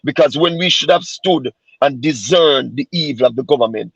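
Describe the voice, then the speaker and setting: A man's voice: mid-range voice, moderate pace, husky, no echo, muffled recording. A Jamaican man, a street pastor, speaking earnestly on a live call and often repeating words as he searches for them.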